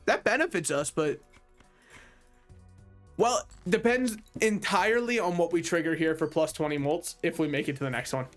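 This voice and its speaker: A man hosting a casual gameplay commentary with a slightly high voice. He jokes at the game and at himself as he plays, over a faint music bed. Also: moderate pace, a bit bright. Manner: joking, self-deprecating, talks to the game. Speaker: gaming channel host.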